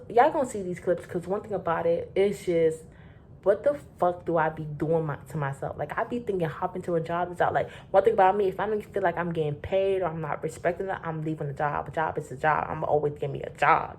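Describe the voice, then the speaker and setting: Profane, animated woman from Florida. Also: fairly low pitch, a little hiss or hum. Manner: profane, animated, rambling storytelling. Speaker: vlogger telling a work story. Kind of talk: casual storytime.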